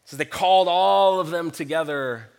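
A man's voice: on the high side, normal speed, vocal fry, a little mellow, smooth. A man preaching a sermon, reading scripture passages aloud and explaining them in an earnest, reflective way. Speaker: pastor.

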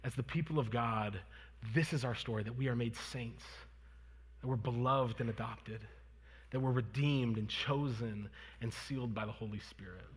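A man's voice: mid-range voice, normal speed, slightly rough. A man in his thirties preaching a sermon and leading prayer, earnest and conversational, with fillers and restarts. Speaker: pastor. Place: church sanctuary. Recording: long reverb of a church hall.

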